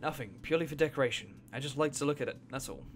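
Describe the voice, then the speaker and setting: A touchy former gang leader from a video game, short-tempered and defensive, read aloud by a man. His speech is curt and guarded. The voice sits at an ordinary middle pitch. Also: racing, slight background noise, close to an everyday voice.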